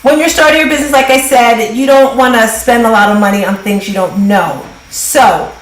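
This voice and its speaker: A woman hosting a live online business workshop, brisk and upbeat, giving quick directions over a video call. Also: on the high side, echoey room, low-quality recording. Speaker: workshop host and business coach.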